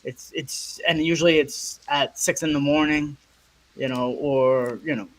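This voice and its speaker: A man's voice: on the high side, steady tone, unhurried, fairly bright tone. A man on a casual advocacy livestream, talking reflectively and hesitantly, often repeating words. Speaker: co-host and guest on an advocacy livestream.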